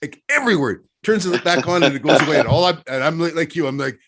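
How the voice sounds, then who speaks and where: Middle-aged guest, Texas-raised, swooping animated voice, loose anecdotal storytelling with lots of chuckles. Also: male voice, fairly high pitch, fast talker, background noise. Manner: rambling anecdotes, frequent laughter, restarts. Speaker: podcast guest, trapper. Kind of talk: casual storytelling chat.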